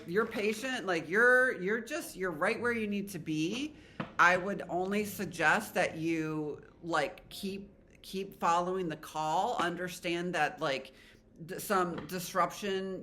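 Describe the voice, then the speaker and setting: Tarot reader, woman, rambling and heartfelt, bright clear tone. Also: lowish voice, a little hiss or hum. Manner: chatty, rambling, emotional, spiritual. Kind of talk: casual tarot reading to viewers.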